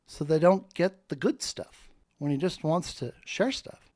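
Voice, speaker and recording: A man's voice: fairly high pitch, animated, measured pace, a little mellow, dry recording, studio quality. A man in a fervent, preacher-like monologue that rambles from point to point. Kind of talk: spoken monologue.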